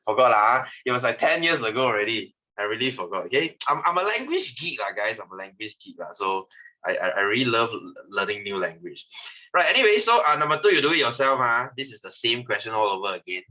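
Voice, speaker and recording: A man's voice: medium pitch, big pitch swings, fast, bright, forceful tone. Chatty Malaysian man tutoring science. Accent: Malaysian English. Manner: chatty, rambling, laughs often. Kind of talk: casual online lesson. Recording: slightly dull lo-fi audio.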